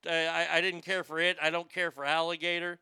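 A man's voice: fairly high pitch, flat delivery, a little fast, sharp tone, clean tone, no echo. A man hosting a show, ranting comedically and sarcastically, often stammering and repeating words. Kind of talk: comedic rant.

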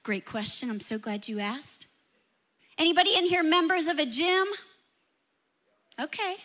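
A woman pastor preaching a lively sermon, talking straight to the congregation with questions. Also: sits high, a little slow.

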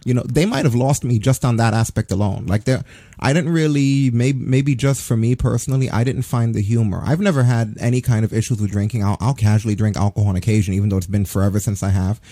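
A man's voice: mid-range voice, fast talker, warm tone, dry recording. A man in his forties ranting profanely in a casual podcast chat. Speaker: podcast co-host. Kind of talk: casual wrestling review chat.

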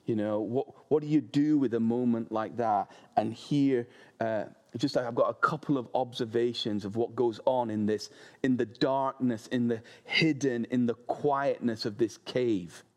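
Animated preacher. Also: male voice, mid-range voice. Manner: animated, humorous storytelling. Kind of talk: sermon.

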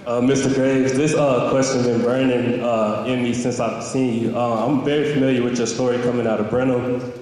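A man's voice: mid-range voice, level tone, moderate pace, darkish tone. Male audience member, polite, echoey hall. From Texas. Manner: polite, astonished.

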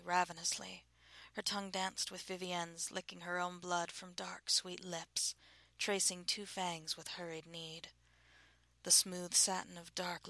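A woman narrates a novel in a hushed, breathy voice that often slips into a half-whisper. Her pitch sits fairly low and flat, with a bright, forward edge to the tone. The sound is close and dry. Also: no room sound. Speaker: audiobook narrator. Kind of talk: scripted narration.

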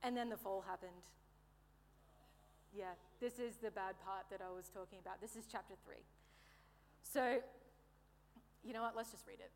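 A woman's voice: medium pitch, expressive, moderate pace, long pauses, slight background noise. A woman preaching a sermon in a playful, conversational way, joking with the congregation. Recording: reverberant hall.

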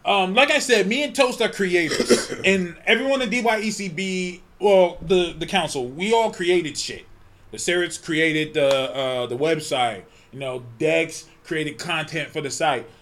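A man co-hosting a podcast, telling a story in casual chat, animated and profane, often breaking into laughter. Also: on the high side, a little slow. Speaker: podcast co-host.

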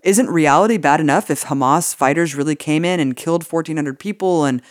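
A woman's voice: low-pitched, brisk, hardly any pauses, no echo. A woman co-hosts a political talk podcast in a casual, indignant way. She swears freely and fills her talk with "like." Her voice sits close and dry, with no room around it. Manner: indignant, profane, many "like" fillers. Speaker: podcast co-host.

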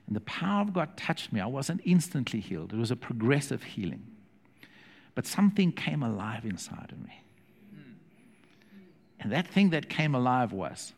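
A man preaching a sermon to a church congregation, animated and acting out the quotes he tells. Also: mid-range voice, moderate pace, gravelly, pauses often. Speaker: pastor. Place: church hall. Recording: long hall reverb.

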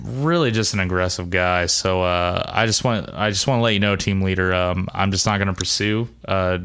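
A man's voice: deep voice, normal speed, fairly bright tone, clean tone, pitched below the performer's own voice. A man voicing a nervous building guard who hesitates and stammers. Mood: hushed report. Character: nervous, evasive adult male building guard.

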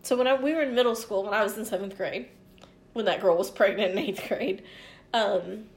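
A woman's voice: medium pitch, a little fast. A woman in her forties telling a long story in casual chat, rambling and swearing freely as she quotes other people. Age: 40s.

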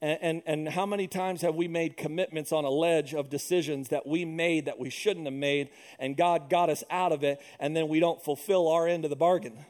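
A man in his thirties preaching a sermon as pastor, telling stories in an animated way and acting out other people's voices. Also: on the high side, moderate pace, hardly any pauses. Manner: animated storytelling, acts out voices.

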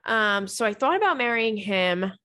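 A young woman hosts a podcast in loose, casual chat. She is blunt and chatty and curses freely. Her voice sits at an ordinary pitch, recorded dry and close with no room sound. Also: animated, moderate pace, pushed and bright, dry recording. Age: young adult. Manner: frank, chatty, swears freely. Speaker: podcast host.

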